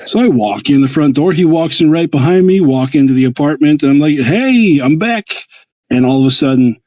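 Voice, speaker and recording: A man's voice: fast, no echo, low-quality recording. A man, host of a hobby livestream, telling a long story in casual chat and acting out the quotes with big jumps in his voice. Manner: animated, acts out quotes with jumps in pitch.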